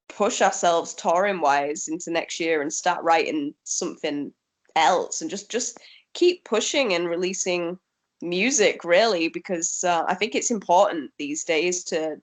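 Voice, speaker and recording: Easygoing woman musician, lowish voice. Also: lively intonation, unhurried. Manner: easygoing, chatty, laughs often, many ums. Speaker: rock band musician, interview guest. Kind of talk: casual interview chat.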